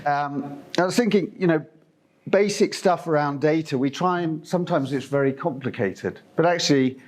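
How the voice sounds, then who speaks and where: Speaking at a moderate pace in a slightly high voice, a middle-aged Zimbabwean man gives a company presentation at a conference. He rambles in a chatty way, with plenty of fillers and false starts.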